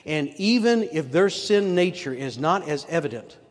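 A man's voice: on the high side, expressive, moderate pace. Older man preaching in an echoing hall. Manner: earnest, with rhetorical questions to the audience. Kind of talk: sermon. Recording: long hall reverb.

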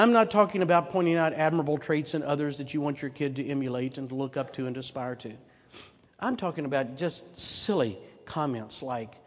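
An older man preaching a sermon, earnest and full of rhetorical questions to his listeners. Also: fairly high pitch. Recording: long hall reverb.

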